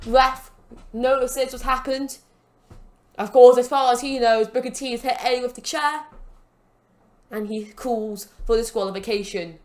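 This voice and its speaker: A woman hosting a gaming channel, casually narrating matches and rambling with jokes and plugs. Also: on the high side. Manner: rambling, joking, self-promoting. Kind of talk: casual game commentary. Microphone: desk mic with a broken stand.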